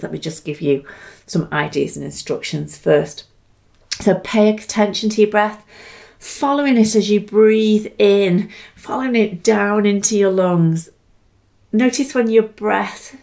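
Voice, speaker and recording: A woman gently guiding a slow mindful breathing meditation, speaking in a soft and soothing way with an occasional sigh. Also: medium pitch, vocal fry. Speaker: mindfulness teacher.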